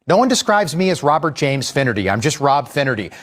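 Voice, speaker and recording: A man's voice: medium pitch, sing-song, fast talker, fairly bright tone. A man giving an exasperated, emphatic opinion monologue as a TV news host.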